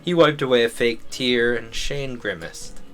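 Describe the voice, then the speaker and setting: A man's voice: mid-range voice, unhurried, faint music behind. A young man streaming, reading a visual novel aloud with joking, chuckling asides.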